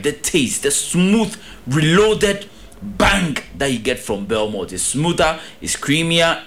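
Upbeat Ghanaian radio sports presenter. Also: male voice, mid-range voice, fairly bright tone. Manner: upbeat, playful salesman patter with repetition. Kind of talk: radio sports update with live ad read.

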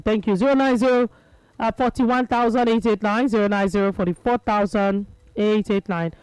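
A man's voice: high voice, fairly even intonation, normal speed, a little mellow, smooth, no echo, rough recording. A man with a Nigerian Pidgin accent hosting a call-in radio talk show, chatting and reading out listeners' texts. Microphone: studio microphone.

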